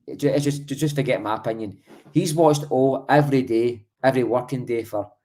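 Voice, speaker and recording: A man's voice: mid-range voice, a little fast, warm tone. A Scottish man co-hosting a football podcast, talking in a blunt, emphatic and sweary way. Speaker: podcast co-host. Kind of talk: heated football chat.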